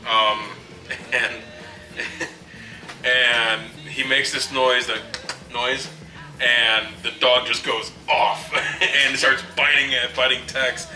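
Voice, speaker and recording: A man with a very bright, ringing voice chats casually about a film, chuckling as he retells scenes. He sits far from the mic in a roomy, echoing space, with faint music playing behind him. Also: medium pitch, fairly even intonation, slow pace. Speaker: co-host movie reviewer. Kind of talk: casual movie review chat.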